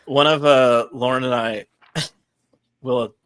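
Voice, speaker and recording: A man's voice: medium pitch, steady tone, slow, fairly bright tone, clean tone. A man co-hosting a podcast, chatting casually about comics and films with joking sarcastic asides and frequent laughs. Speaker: podcast co-host. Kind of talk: casual comic book chat.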